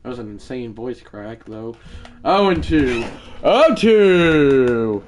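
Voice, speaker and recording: A man streaming a baseball video game live, talking to his chat between pitches and breaking into mock play-by-play calls. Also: slow. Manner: mock play-by-play announcing, excitable; chatty asides to viewers.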